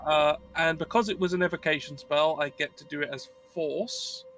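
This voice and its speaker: Man with a slightly high voice, lots of uhs, explaining his turn, faint music. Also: moderate pace, a bit bright. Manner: hesitant, many "uh"s. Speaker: player. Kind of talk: playing a tabletop game.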